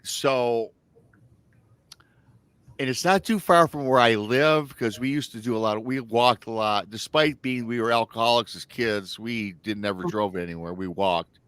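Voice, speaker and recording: A man's voice: mid-range voice, normal speed, a bit bright, clean tone, no room sound. A man from Michigan hosting a casual live-stream chat, rambling through stories and reading out chat comments. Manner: rambling storyteller, reads chat aloud. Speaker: host.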